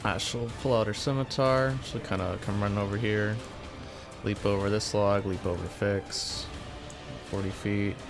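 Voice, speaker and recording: A man's voice: fairly low pitch, steady tone, normal speed, over music. A man playing a tabletop role-playing game, talking in a casual, offhand way. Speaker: player.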